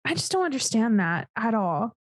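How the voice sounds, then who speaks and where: A woman's voice: a little high, very animated, normal speed, no room sound, clean studio sound. A woman co-hosting a casual podcast chat, blunt and incredulous, swearing freely as she reacts. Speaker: podcast co-host.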